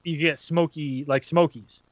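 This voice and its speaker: A man telling a story in a lively, profane way, laughing as he talks, on dull lo-fi audio. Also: fairly high pitch, normal speed, no echo. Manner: animated, profane, laughs while talking. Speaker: podcast co-host. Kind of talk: casual storytelling.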